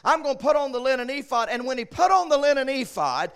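High bright-voiced man preaching. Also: big pitch swings, fast, clear, resonant tone. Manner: dramatic preaching with shouted peaks and quiet asides. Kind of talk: sermon.

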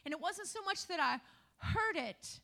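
High, bright-voiced woman preaching. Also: animated, moderate pace. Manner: preacherly, rhetorical questions to the congregation. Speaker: pastor. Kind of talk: sermon.

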